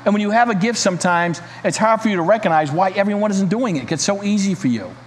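A man's voice: high voice, lively intonation, fast talker. A man preaching a sermon and reading a story aloud, in an earnest, emphatic manner. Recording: reverberant hall, faint hiss.

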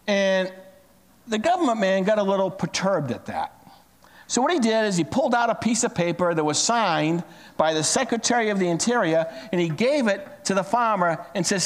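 A man's voice: fairly quick, big-room sound. A man preaching a sermon as pastor, telling stories with big swings in his voice. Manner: animated storytelling with big pitch swings.

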